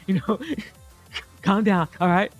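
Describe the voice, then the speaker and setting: Woman quoting a calm male friend soothing. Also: medium pitch, slow pace, muffled recording, faint music behind, close to an everyday voice. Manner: soothing, repetitive. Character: easygoing male friend calming her down.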